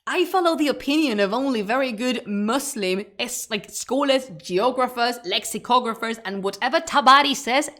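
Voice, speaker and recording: A woman's voice: a little high, lively intonation, normal speed, hardly any pauses, sharp tone. Chatty woman streamer. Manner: chatty and laughing, with frequent restarts and fillers. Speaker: streamer, history channel host. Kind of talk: casual live-stream chat to viewers.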